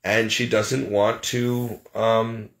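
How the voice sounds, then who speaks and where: A vlogger with a lowish, slightly bright voice speaks in a level tone, drawing out his words. Addressing viewers directly, he lists his troubles in a casual, plain-spoken, exasperated rant.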